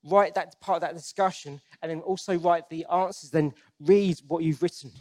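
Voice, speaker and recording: A man's voice: on the high side, fairly even intonation, normal speed, darkish tone. A man preaching a sermon in a conversational, earnest way, often restarting his sentences and asking the congregation questions. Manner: asks the congregation direct questions.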